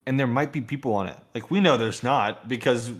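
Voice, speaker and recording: A man's voice: medium pitch, fairly quick. A man chatting casually, rambling through ideas and laughing often. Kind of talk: casual chat.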